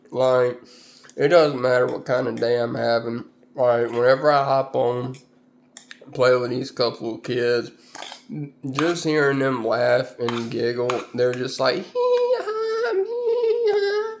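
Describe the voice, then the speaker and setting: A man's voice: mid-range voice, little pitch movement, unhurried, gravelly. A man chatting casually to his viewers in a rambling, laid-back way, full of fillers. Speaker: vlogger. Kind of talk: casual chat.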